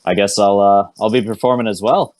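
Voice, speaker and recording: A folksy, big-bellied half-orc emcee drawls his announcements in a low voice, as a man plays him in a tabletop game. The recording is close and dry. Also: fairly even intonation, fairly quick, a little mellow, dry recording, natural voice.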